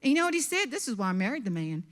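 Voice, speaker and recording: A woman with a Southern US accent, a motivational speaker and humorist telling a comic story on stage, sassy and animated. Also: on the high side, racing. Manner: sassy, animated, acts out every voice. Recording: long reverb of a large hall.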